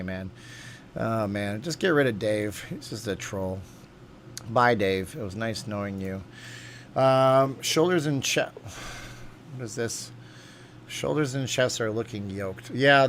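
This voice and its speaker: A man's voice: fairly low pitch, measured pace, a little hiss or hum. A man hosting a casual livestream, reading viewer comments aloud and rambling from topic to topic with lots of fillers. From USA. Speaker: livestream host reading chat.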